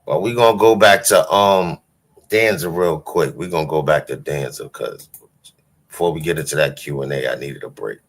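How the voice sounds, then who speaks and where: A man's voice: rumbling low, normal speed. A man hosting a livestream, giving casual, dismissive commentary. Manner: dismissive, mocking, loose. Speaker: livestream host.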